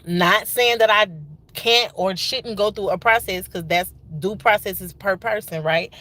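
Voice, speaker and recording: A woman's voice: mid-range voice, normal speed, sharp tone, shouting. A woman in her thirties with a Georgia accent, venting casually on a livestream and repeating lines for emphasis with folksy Southern slang. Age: 30s.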